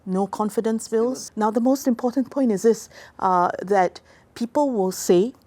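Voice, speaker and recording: Formal, mellow-voiced woman. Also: fairly high pitch. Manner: deliberate, formal and precise. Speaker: policy research expert guest. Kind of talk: explanatory interview talk.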